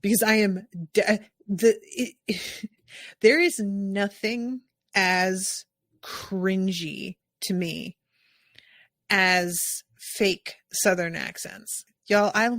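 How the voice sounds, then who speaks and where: Woman podcast host, American, expressive and lively, mid pitch, dry close-mic sound. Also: dry recording. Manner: animated, expressive, quick asides. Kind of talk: casual podcast chat.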